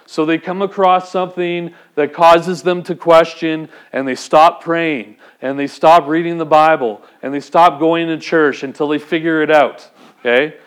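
A man's voice: on the high side, fairly even intonation, moderate pace, smooth. A man preaching a sermon, speaking conversationally and putting direct questions to the congregation. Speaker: pastor.

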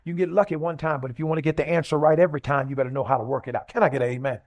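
A man's voice: a little high, rapid-fire, darkish tone, highs cut off. A male pastor, preaching a sermon in a rhythmic style and calling for responses from the congregation.

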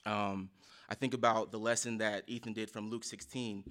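A man shares a casual testimony with his church group. His voice sits low but has a bright, forward edge. He speaks earnestly and haltingly, restarting phrases and filling pauses. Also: flat delivery. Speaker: church member sharing a reflection.

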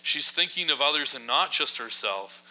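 A man preaching a sermon in a casual, humorous storytelling style, often adding quick asides to his listeners. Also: on the high side, animated, pushed and bright, low-quality recording. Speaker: pastor.

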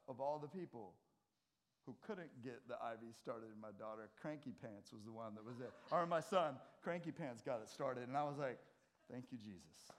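An American man preaching a sermon in a church as pastor, telling stories conversationally and swinging between loud and soft. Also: medium pitch.

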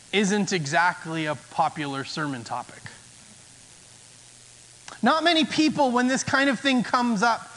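A man's voice: high voice, a bit bright. A male pastor giving a conversational sermon, slipping into acted-out inner voices to make his points. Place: church sanctuary. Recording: long church hall reverb.

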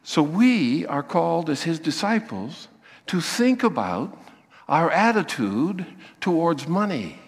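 A man preaching a sermon, acting out the voices he quotes with lively emphasis. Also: on the high side, slow, in a large hall. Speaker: pastor.

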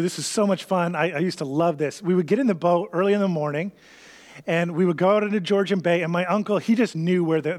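Casting note: a Canadian male pastor who preaches casually, with a high voice and a lingering hall echo. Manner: conversational, acts out parable characters' thoughts. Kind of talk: sermon.

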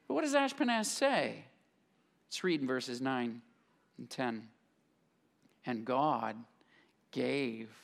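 A man preaching a sermon to a congregation, telling a Bible story and acting out its characters in casual modern voices. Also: high-pitched. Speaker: pastor. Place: church sanctuary, live congregation.

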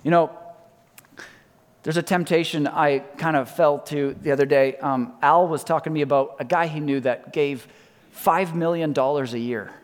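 A fairly high-voiced man delivers a sermon from the pulpit, leaning on repeated phrases and letting his sentences fall soft and quiet. His voice rings out through the long reverb of a large church hall. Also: steady tone, normal speed. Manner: emphatic, repeats key lines, drops to soft quiet endings. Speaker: pastor.

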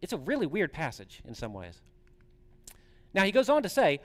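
A man preaching in a relaxed, conversational way, often asking his congregation questions. His fairly high voice swings up and down with lively pitch. The sound carries the long reverb of a large hall. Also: moderate pace, pauses often. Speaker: pastor. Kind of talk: sermon.

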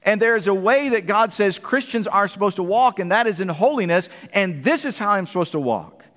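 Pastor guy preaching sunday morning, pretty high voice, big reverb from the hall. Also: animated, a little fast, a bit bright. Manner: emphatic preaching, asks the congregation questions. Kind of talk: sermon.

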